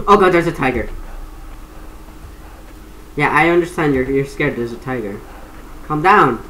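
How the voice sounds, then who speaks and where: A young woman with a low voice chats excitably through a gameplay session, her pitch swinging widely as she laughs and yelps. She sounds like she is in a roomy, echoey space with a faint hiss behind her. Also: moderate pace, pauses often. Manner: excitable, chatty, laughs and shrieks often. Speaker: gaming streamer. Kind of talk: casual gameplay commentary.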